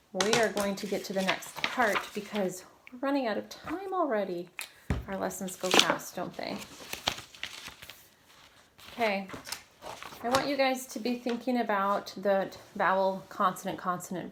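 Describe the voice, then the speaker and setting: An encouraging woman leads a children's phonics lesson, speaking in clear, steady prompts and handing out frequent praise. Her voice sits at an ordinary middle pitch, and a light hiss of noise runs under the recording. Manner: encouraging, clear teacher prompts to young readers. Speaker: reading teacher.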